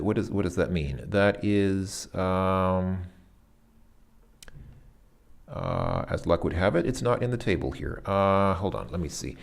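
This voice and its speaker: Haltingly sounding out foreign words, this language lesson host thinks aloud through a workbook exercise in a low, creaky voice, hesitant, searching and self-correcting.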